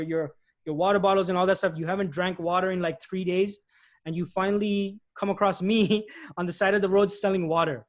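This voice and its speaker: Man, high voice, animated presenter, career advice talk, restarts phrases. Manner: animated, repetitive restarts, acts out customers' lines. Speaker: guest speaker, IT recruiter. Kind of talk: presenting tips in a webinar talk.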